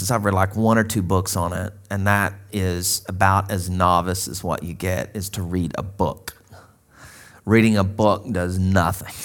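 A man from Arkansas in his thirties, preaching a sermon in a conversational, storytelling way and acting out quoted dialogue. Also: low-pitched. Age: 30s. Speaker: pastor.

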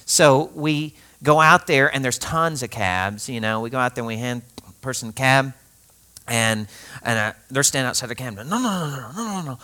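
A pastor preaches a sermon built around a personal story, speaking in a lively, conversational way, laughing often and addressing his listeners directly. His voice is medium-pitched and clean, at a moderate pace.

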